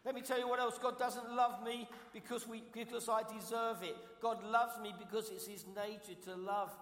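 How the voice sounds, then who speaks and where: A man's voice: high voice, little pitch movement, normal speed, fairly bright tone. A man from London with a London accent, preaching a sermon as guest pastor, emphatic and repetitive, asking the congregation questions. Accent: London English. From London, England. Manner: emphatic, repeats key phrases, asks the congregation questions. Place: church sanctuary. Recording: echoey hall, long reverb.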